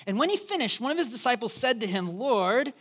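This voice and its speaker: A man preaching a sermon as pastor, telling a humorous story in an animated, joking way. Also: extremely high pitch, fairly quick, breathy edge. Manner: animated, joking storyteller, acts out quoted voices.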